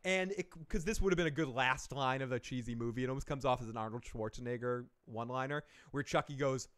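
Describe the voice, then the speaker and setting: A man hosting a live-stream movie review, retelling a plot in a rambling, animated way, with frequent self-corrections, swearing, and laughs at his own jokes. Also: mid-range voice, quick pace, smooth. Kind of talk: casual rambling film recap.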